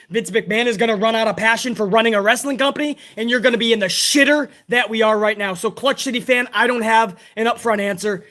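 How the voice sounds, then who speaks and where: A hoarse man hosting a live stream, chatting casually and profanely while reading out fan messages. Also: very high voice. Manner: profane, excitable, chummy.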